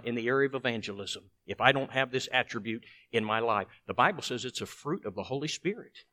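A man's voice: medium pitch, pushed and bright. A man preaching a sermon with emphasis, putting rhetorical questions to his congregation.

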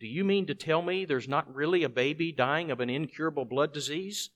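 A man voicing a generous foreign golfer, soft and quiet in a lower register. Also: fairly quick, natural voice. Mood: gentle.

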